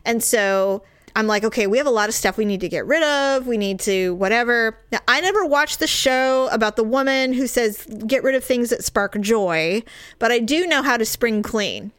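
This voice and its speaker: A middle-aged woman co-hosting a casual chat, talking in an animated way and swearing freely. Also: moderate pace, clean tone, no room sound. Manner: animated, swears freely, swings up high when riled. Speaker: podcast co-host.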